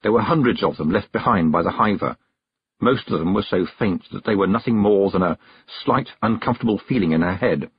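A man narrating a fantasy novel aloud in a lively, expressive storytelling manner. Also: sits low, a little fast, husky. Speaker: audiobook narrator. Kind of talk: scripted narration. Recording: dull, dry close recording.

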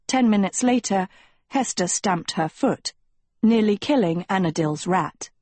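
A woman reading a storybook aloud with measured, expressive narration. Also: mid-range voice, dry recording. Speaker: audiobook reader.

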